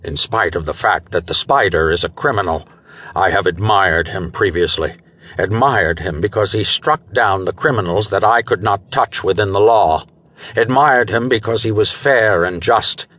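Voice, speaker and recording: Stern police commissioner voiced by a husky-voiced man. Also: lowish voice, normal speed, fairly bright tone. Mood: grim. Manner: stern, commanding. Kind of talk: audiobook character voice.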